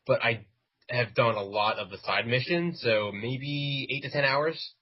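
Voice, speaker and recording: Husky-voiced man on a lo-fi podcast. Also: medium pitch, unhurried. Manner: jokey, puts on silly voices. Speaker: podcast co-host. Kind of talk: casual chat. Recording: dull lo-fi sound.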